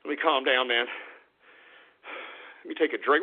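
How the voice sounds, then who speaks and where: A man hosting a call-in radio show, ranting and swearing with bursts of shouting. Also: mid-range voice, fairly even intonation, normal speed, slightly rough. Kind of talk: angry call-in show rant. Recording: tinny phone-like internet radio audio.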